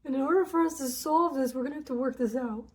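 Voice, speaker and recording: A woman's voice: sits high, fast talker, darkish tone. A woman talking casually and candidly about spiritual energies, swearing freely and acting out inner conversations. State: tearful at moments. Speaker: spiritual channel host.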